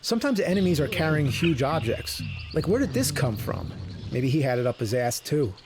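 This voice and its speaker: A man giving a comedic retro game review, swearing loudly and exasperated at the game. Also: fairly high pitch, very animated, normal speed, music in the background. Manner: foul-mouthed, exasperated outbursts.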